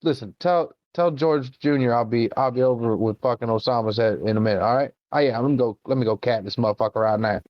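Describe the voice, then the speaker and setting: A man voicing an excited, dim-witted hillbilly redneck yelling into a phone. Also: mid-range voice, fast, few pauses, dry recording, lo-fi sound, natural voice. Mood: frantic. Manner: frantic, shouting, rambling.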